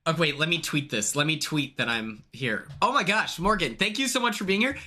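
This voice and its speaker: A young man with a fairly high voice talks fairly quickly on a live stream from his home. Excitable and chatty, he greets viewers by name.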